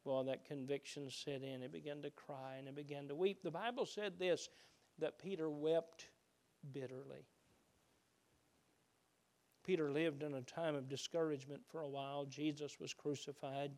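A man preaching a sermon, shifting between loud emphatic peaks and hushed low passages. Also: fairly even intonation, normal speed. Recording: reverberant hall.

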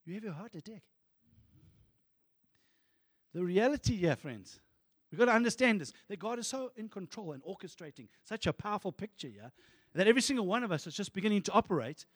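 High-voiced, excitable male preacher. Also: fast, slightly rough, dry recording, clean studio sound, long reverb tail. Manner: animated, excitable preaching with sudden soft asides. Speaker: pastor. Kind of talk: sermon.

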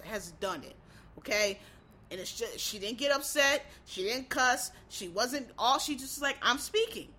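A woman's voice: a little high, pushed and bright. A woman from the United States giving a casual opinion monologue, blunt, emphatic and full of swearing as she addresses her viewers directly. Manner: blunt, emphatic and profane, lecturing the audience directly. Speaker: commentator.

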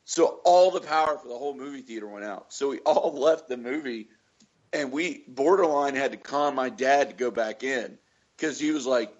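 A man from Florida trades movie stories in a relaxed podcast chat, peppering them with swearing and loud acted-out quotes. His voice sits at a medium pitch, and the recording sounds a little dull and lo-fi. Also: normal speed. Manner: swearing storyteller, acts out quotes loudly. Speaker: podcast co-host. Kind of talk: casual chat.

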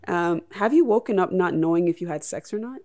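A woman's voice: fairly low pitch, expressive, fairly quick, warm tone. A woman hosting a casual chat, supportive and prompting, reading game questions to her guest. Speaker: host.

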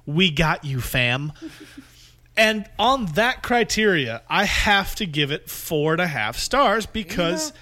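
A man with a bright, forceful voice pitched a little high, co-hosting a loose movie podcast. He talks casually and bluntly, swears freely and laughs easily. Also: very animated, slow. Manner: profane, opinionated, laughs often. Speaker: podcast co-host. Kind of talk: casual chat.

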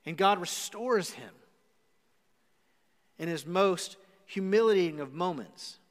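High-voiced male pastor preaching in reverb. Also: animated, slow pace. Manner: dramatic storytelling, speaking directly to the listener. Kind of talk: live sermon. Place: church sanctuary. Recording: live church recording with long reverb.

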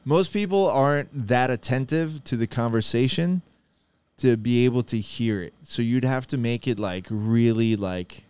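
A man's voice: mid-range voice, normal speed, clear, resonant tone, dry recording. A man co-hosting a podcast, chatting casually and profanely, laughing often. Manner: laughing, profane, animated banter. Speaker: podcast co-host. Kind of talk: casual chat.

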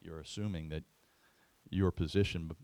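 A man preaching a sermon as a pastor, telling a story in an animated way. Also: sits low, normal speed, dry recording.

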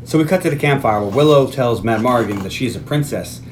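Co-hosting a movie podcast, a man casually recaps scenes, laughing and swearing often and tossing in quick voiced quotes. His voice is medium-pitched with lively intonation, and there's a slight hiss or hum in the background.

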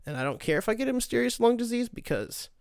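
Gravelly, profane young man ranting. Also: very high-pitched, quick pace, dry recording, studio quality. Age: late 20s. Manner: profane, sarcastic, animated mock voices. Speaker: podcast host. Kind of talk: casual rant.

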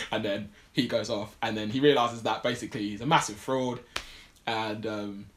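A man's voice: medium pitch, fairly even intonation, fairly quick, fairly bright tone. A man casually recapping a film plot on a podcast, rambling with lots of fillers. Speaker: podcast co-host. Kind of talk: casual film review chat.

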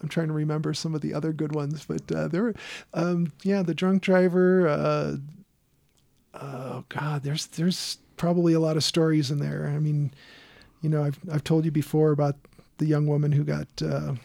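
A man's voice: fairly high pitch, flat delivery, moderate pace, creaky, darkish tone, no room sound. A man from the Chicago area, a podcast co-host telling rambling stories full of fillers. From Chicago area, USA. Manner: rambling storytelling with many fillers. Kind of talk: casual chat.

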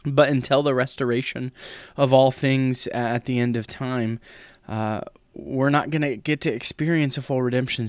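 An earnest man of middle pitch gives a devotional as a student pastor, often restarting his phrases. His voice is dry and close to the microphone. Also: smooth, dry recording. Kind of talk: podcast devotional.

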